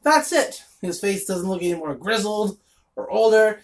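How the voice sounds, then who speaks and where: A woman's voice: mid-range voice, lively intonation, moderate pace. A woman reviewing a comic in casual chat, blunt and sarcastic, with lots of fillers and asides.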